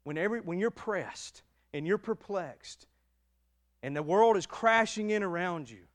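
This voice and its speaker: Emotional high-voiced male preacher. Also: measured pace. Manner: emotional, emphatic preaching with dynamic swings in loudness. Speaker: pastor. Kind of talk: sermon.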